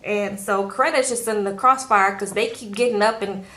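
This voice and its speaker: A woman's voice: medium pitch, fairly even intonation, moderate pace, sharp tone, rough recording. A woman vlogger recapping a reality show in a chatty, filler-heavy way, talking straight to her viewers from a room at home. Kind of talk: casual TV recap.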